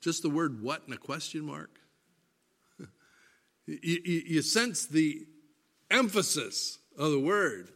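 Male preacher, unhurried, bright and forceful tone, emphatic sermon delivery. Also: a little high, lively intonation. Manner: deliberate and emphatic, reading scripture aloud.

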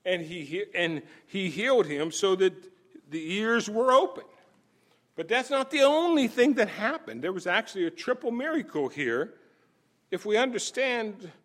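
A man with a high voice preaches a sermon in an animated way. He chuckles as he tells the story and exclaims with emphasis. His delivery swings between hushed stretches and loud ones. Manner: shifts between soft and loud passages.

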